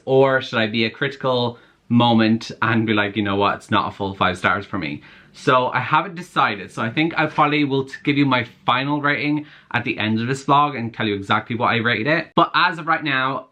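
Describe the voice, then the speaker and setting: A man chatting to camera about what he has been reading. His voice is bright and forward, and he gushes and rambles with plenty of fillers. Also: medium pitch. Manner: chatty and gushing, full of likes and fillers. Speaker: book vlogger. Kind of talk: casual reading vlog.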